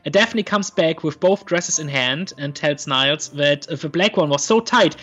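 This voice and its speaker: Brief: male podcast co-host retelling scenes, halting and filler-heavy, slightly high voice, dull lo-fi audio with faint music. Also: fairly bright tone. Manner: hesitant, many ums and restarts, retelling scenes. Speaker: podcast co-host recapping an episode. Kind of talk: casual chat.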